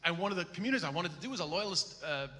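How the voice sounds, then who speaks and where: An Irish comedian with a high voice talks rapid-fire as a guest at a live interview in a large hall, telling animated stories laced with swearing. The echoey recording picks up the audience.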